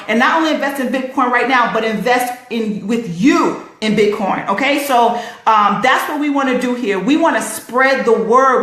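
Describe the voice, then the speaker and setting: A woman's voice: high voice, fairly bright tone. Upbeat live-streaming woman, roomy echo. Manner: emphatic, repetitive and salesy, answers commenters by name; laughs often. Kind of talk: Facebook live-stream pitch, answering viewers.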